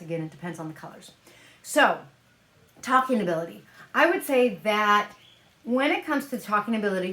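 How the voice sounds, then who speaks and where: A woman's voice: mid-range voice, a bit bright. A woman vlogging casually about keeping parrots, chatty and thinking aloud, handling a bird at home. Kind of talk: casual explainer vlog. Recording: echoey room.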